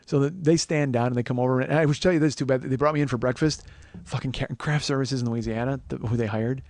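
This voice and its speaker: A man tells a comic story on his podcast, his voice gravelly with a lot of fry. He rambles and swears freely, and his delivery is loose and animated. The recording is dry and close, with no room sound. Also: medium pitch, quick pace, dry recording. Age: 40s. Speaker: podcast host. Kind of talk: comedic storytelling monologue.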